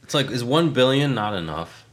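A man's voice: mid-range voice, animated, moderate pace, slight background noise. A man co-hosting a podcast, chatting casually with wry, joking asides. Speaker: podcast co-host. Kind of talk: casual chat.

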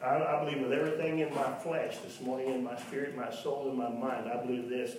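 A man's voice: little pitch movement, a little fast, a little mellow, distant mic, slight background noise. Man preaching in an echoey hall. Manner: mocks imagined doubters in a high voice. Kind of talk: sermon.

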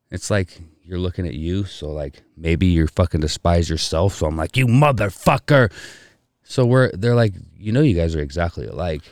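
A middle-aged man telling profane stories about his kids in casual chat, often jumping into a high voice to mimic others. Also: darkish tone, clear, resonant tone, no room sound, clean studio sound. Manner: profane storytelling, mimics people in a raised voice. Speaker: podcast co-host.

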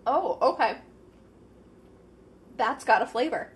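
A woman's voice: on the high side, animated, takes it slowly. A woman hosting a casual podcast, thinking aloud with lots of fillers as she eats, sometimes talking with her mouth full. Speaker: podcast host. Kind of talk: casual solo chat.

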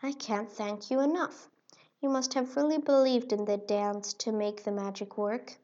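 A woman doing a gentle, earnest nutcracker hero. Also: a little high, fairly even intonation, moderate pace, natural voice. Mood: grateful. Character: brave, kind male nutcracker hero. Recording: dull lo-fi recording.

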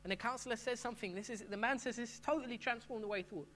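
A man's voice: extremely high pitch, very fast, few pauses, a bit bright, slight background noise. A middle-aged man preaching a sermon as pastor, talking in a conversational way and often restarting his phrases.

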